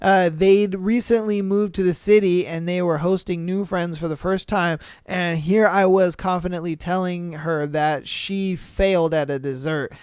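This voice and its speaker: Brief: male podcast host, smooth clear voice, dry close sound, crude slangy commentary. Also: sits high, steady tone, measured pace, hardly any pauses, a little mellow, dry recording. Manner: profane, slangy, laughing reactions. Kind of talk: casual podcast reading listener posts with commentary.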